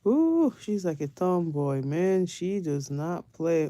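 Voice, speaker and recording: A woman's voice: lowish voice, sing-song, slow pace, warm tone. A middle-aged woman telling family stories in a casual, gossipy way. She laughs often as she talks. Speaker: family vlogger. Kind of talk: casual storytelling.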